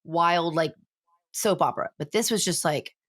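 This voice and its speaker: A woman's voice: fairly low pitch, moderate pace, fairly bright tone, no room sound, clean studio sound. A woman co-hosting a podcast in casual chat, rambling and restarting her sentences with lots of "like". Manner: rambling, self-interrupting, lots of "like". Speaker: podcast co-host.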